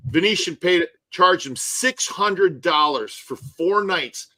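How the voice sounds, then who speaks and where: Animated ranting man. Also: high voice, takes it slowly, rough recording. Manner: animated ranting with frequent swearing. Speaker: tour guide and live stream host. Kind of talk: casual live stream chat.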